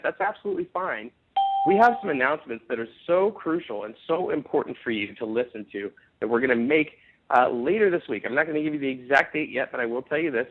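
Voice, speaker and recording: A man hosts a network marketing conference call and gives an emphatic, upbeat sales pitch. His mid-pitched voice comes through a thin, tinny phone line. He often restarts his sentences as he pushes his points.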